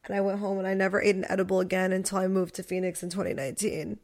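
A young woman co-hosting a podcast, telling a story in casual chat, animated and swearing, acting out quotes. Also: medium pitch, rapid-fire. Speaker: podcast co-host.

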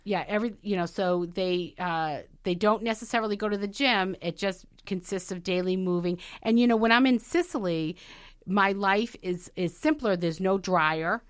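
A woman's voice: mid-range voice, moderate pace, clean tone. A woman chatting easily on a talk show, her voice sitting in the middle range. She works through points from a list and adds personal stories along the way. The sound is dry and close, with no room echo. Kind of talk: casual talk show chat.

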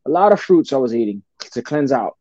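A man's voice: medium pitch, big pitch swings, brisk, dark tone, dry recording. A man as a podcast guest telling his story in a casual, profane way, often calling the listener "brother" and restarting his sentences. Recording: dull lo-fi podcast audio.

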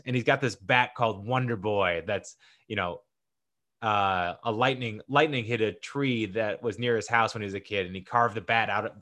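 A man hosting a casual movie countdown, talking in an excitable, gushing way with many fillers and restarts. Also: mid-range voice. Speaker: movie list host.

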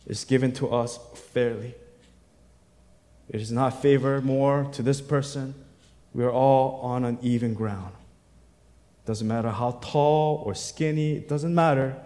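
A man's voice: medium pitch, steady tone, moderate pace. Preaching man in an echoing hall. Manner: rises to loud emphatic bursts, then drops quiet; reads scripture aloud, acting out the quoted voices. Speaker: pastor. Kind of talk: sermon. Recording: long hall reverb.

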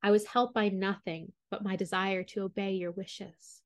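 A woman's voice: medium pitch, little pitch movement, normal speed, no room sound, studio quality, lightly acted. A woman voicing an earnest, downcast young prince. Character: brave young prince, gloomy but devoted.

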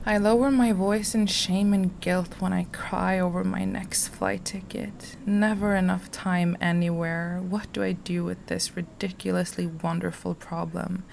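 A woman reading aloud from her personal journal, soft and slow, sometimes dropping to a whisper. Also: fairly low pitch, flat delivery, vocal fry, slight background noise. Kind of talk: intimate journal reading, poetry-like.

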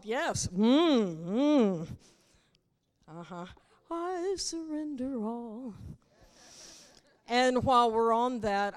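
A woman preaching a sermon in a church, teasing the congregation and acting out quoted voices in a playful manner. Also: medium pitch. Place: church sanctuary. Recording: long hall reverb.

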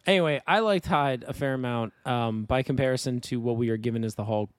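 A man weighs in on a film during a relaxed podcast chat, measured and analytical in how he puts things. His voice is at an average pitch for a man. The sound is dry and close to the mic. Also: clean tone, no room sound. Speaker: podcast co-host. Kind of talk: casual movie discussion.

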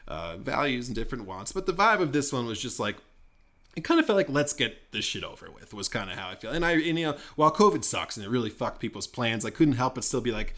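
A man's voice: mid-range voice, fast talker. A young man co-hosting a casual podcast, telling a story with frequent laughs and acted-out quotes. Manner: animated storyteller, laughs often, acts out quoted dialogue. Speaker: podcast co-host.

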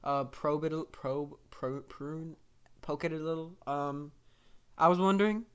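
A young man co-hosting a comedy podcast, teasing and interrupting with quick questions. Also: on the high side, clean tone. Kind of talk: casual improvised comedy chat.

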